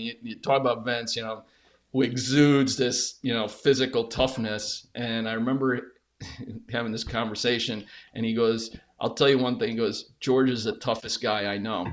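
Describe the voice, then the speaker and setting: A man being interviewed, telling stories in a candid, emphatic way with casual swearing and frequent restarts. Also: medium pitch. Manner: emphatic, profane, repeats words when animated. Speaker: interview guest, former media executive. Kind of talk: candid conversational storytelling.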